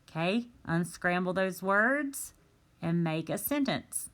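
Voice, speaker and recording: Woman teacher, low voice, very slow and deliberate, stretches out words for young students, tablet recording. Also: animated, fairly bright tone. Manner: slow, careful, drawn-out word reading. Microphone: tablet microphone.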